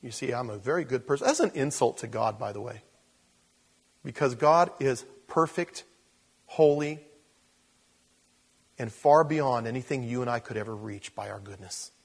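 A man, a pastor, preaching an expository sermon, swinging from loud emphasis to quiet asides. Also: mid-range voice, lively intonation, moderate pace, creaky, pauses often, slightly rough.

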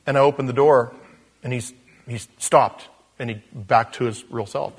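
A man, a pastor, telling a story during a casual, animated sermon in a church. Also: mid-range voice, moderate pace, husky.

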